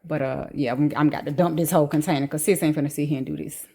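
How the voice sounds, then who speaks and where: A woman with a slightly low voice talks her viewers through a recipe in a home kitchen. She is chatty and relaxed, with slangy asides, recorded on her phone. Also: fast talker. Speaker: cooking vlogger. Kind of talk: casual cooking vlog chat. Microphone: phone camera.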